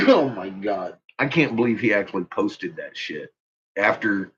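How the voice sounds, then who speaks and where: A man's voice: fairly low pitch, animated, a little slow, a bit bright. A man ranting on a live stream in casual, profane talk, laughing often and calling out to his viewers by name. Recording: muffled lo-fi recording.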